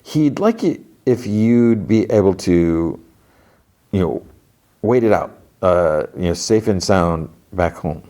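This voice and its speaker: A man's voice: sits low, animated, takes it slowly, dark tone. A man putting on an oily, polite salesman. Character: smooth-talking male salesman, polite and menacing.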